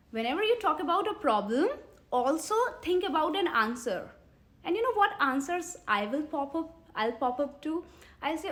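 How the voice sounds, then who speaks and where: A woman in her thirties with an Indian English accent, coaching English learners on a live stream, coaxing viewers and reading their comments aloud. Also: high-pitched. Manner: earnest, coaxing, repeats questions to viewers; pauses to read and answer viewer comments. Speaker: English teacher.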